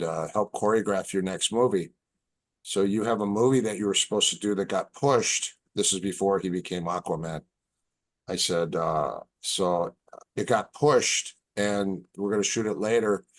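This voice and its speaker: A man with a low voice tells a story, animated and halting. He starts phrases over and repeats words, and he sounds like a podcast guest chatting casually. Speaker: martial arts instructor, podcast guest.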